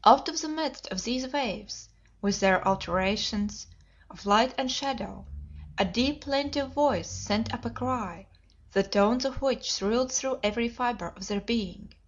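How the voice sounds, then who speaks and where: A woman narrating an audiobook in a steady, measured reading. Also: a little high. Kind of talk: scripted narration. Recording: dull lo-fi audiobook recording.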